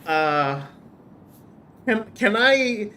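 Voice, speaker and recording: A man's voice: sits high, animated, extremely slow, pushed and bright, clear, resonant tone. A man streaming a video game, chatting casually in a goofy, joking way. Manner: goofy, joking, laughs often. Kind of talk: casual gaming chat.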